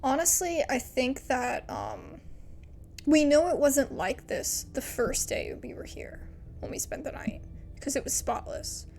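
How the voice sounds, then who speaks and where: A woman streamer playing a story game, giggling and thinking out loud as she reads it aloud. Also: high-pitched, big pitch swings, a little slow, slight background noise. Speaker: let's play streamer.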